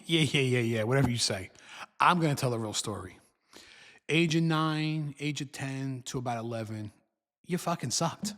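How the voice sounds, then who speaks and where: A man's voice: a little high, a bit bright, long reverb tail. A middle-aged man with a New Jersey accent, a father and co-host teasing his son in casual chat, blunt and fond of saying "man". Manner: teasing, blunt storyteller, says "man" often.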